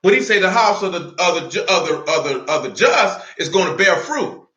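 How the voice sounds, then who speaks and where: Male preacher, high and sharp-edged, confrontational sermon delivery, echoey room. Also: sing-song. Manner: fiery, confrontational street-talk preaching; slower, lower reading of scripture.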